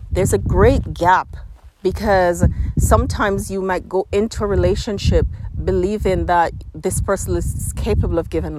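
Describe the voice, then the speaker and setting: A woman hosting a reflective spoken monologue outdoors, slightly out of breath, earnest and searching as she restarts her phrases. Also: on the low side. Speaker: podcast host. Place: outdoors on a windy hilltop. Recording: loud wind noise outdoors. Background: wind noise.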